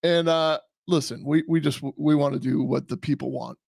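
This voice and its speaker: A man co-hosting a live podcast while getting over the flu, his slightly high voice stumbling through restarts and fillers. The sound is close and dry. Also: steady tone, gravelly, darkish tone, husky, no echo. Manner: halting, many restarts and fillers. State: recovering from flu. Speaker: podcast co-host.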